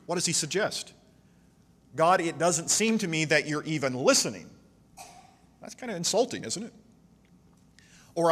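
A man preaching a sermon in a church, reading scripture aloud with passionate, slowed emphasis. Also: fairly high pitch, animated, fairly bright tone, long reverb tail. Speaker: pastor.

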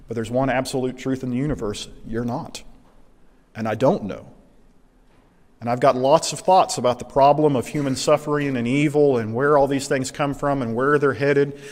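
A male pastor delivering a sermon in an earnest, emphatic voice, deliberately slowing down on the lines he wants to land. His voice has a mid-range pitch, and the long reverb of a large hall trails behind every phrase. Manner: earnest, emphatic, slows down for key points.

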